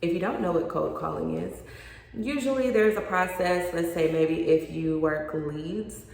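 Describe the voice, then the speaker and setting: A woman's voice: lowish voice, unhurried, gravelly, a little mellow. A woman in her thirties, a loan officer, giving frank and emphatic advice straight to camera, repeating points for stress. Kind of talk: direct-to-camera advice vlog. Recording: very echoey room with long reverb.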